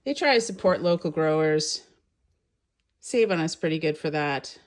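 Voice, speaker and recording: A woman's voice: low voice, animated, moderate pace. A young woman from Canada, chatting casually as she shows off her grocery haul and thinks aloud about each item. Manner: chatty, thinking aloud while showing products. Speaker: vlogger.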